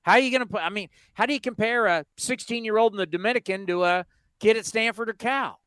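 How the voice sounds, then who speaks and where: A man's voice: high-pitched, fast talker, a bit bright, clean tone, no echo. A man hosting a baseball talk show, talking casually and emphatically, firing off rhetorical questions. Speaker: sports talk show host.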